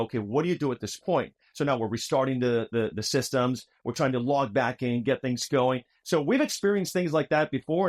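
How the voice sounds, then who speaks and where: A man, a podcast guest who hosts a trivia show, talking energetically from his home recording studio and calling people dude and my friend. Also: medium pitch. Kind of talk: lively storytelling conversation. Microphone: studio microphones overhead.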